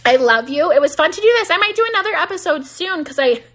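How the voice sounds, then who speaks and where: A woman's voice: very high-pitched, expressive, quick pace, fairly bright tone. A woman in her thirties hosting her own podcast from home, giving candid, casual business advice, laughing easily and often saying "like", her voice starting to wear thin. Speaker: podcast host and business coach.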